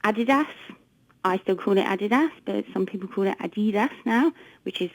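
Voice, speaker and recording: A woman's voice: medium pitch, brisk, no room sound, poor audio. A woman being interviewed on the radio as a research director, often repeating words as she thinks aloud. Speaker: guest, market research director.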